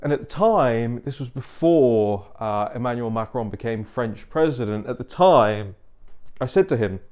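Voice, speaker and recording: A man's voice: medium pitch, lively intonation, measured pace, smooth, muffled recording. A man giving casual political commentary, telling stories in a chatty, digressive way and acting out bits of dialogue. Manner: chatty, digressive storyteller who acts out dialogue.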